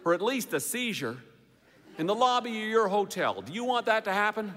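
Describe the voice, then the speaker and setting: A man's voice: high voice, big pitch swings, brisk, pushed and bright, heavily acted. A man doing a frantic, bluffing hotel guest. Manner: frantic, rambling, insistent. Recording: long hall reverb.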